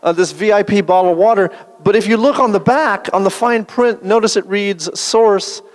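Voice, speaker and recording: A man performing a stand-up comedy set, delivering deadpan one-liners with dry asides. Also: sits high, a little fast. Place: large event hall. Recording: long hall reverb.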